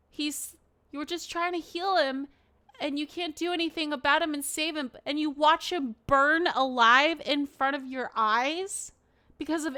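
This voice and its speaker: A woman's voice: high-pitched, pushed and bright, dry recording. A woman streamer reacting live to a news video, emotional and exclaiming, swearing often.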